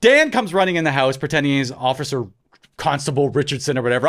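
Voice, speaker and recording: A Canadian man from Ontario in his thirties co-hosts a podcast and tells a story casually and with animation. His mid-range voice goes fast, and he loudly acts out the people he quotes.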